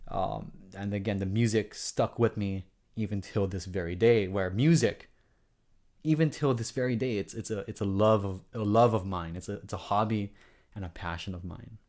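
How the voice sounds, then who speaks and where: A man's voice: fairly low pitch, a little mellow. A man with a Hawaiian accent telling stories in a casual vlog, earnest and rambling, often restarting and adding asides. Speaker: vlogger.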